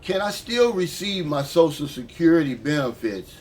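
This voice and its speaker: A man's voice: fairly high pitch, expressive, moderate pace, slight background noise. An older man from the United States, talking casually and heatedly to camera as a vlogger. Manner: frustrated, heated, conversational.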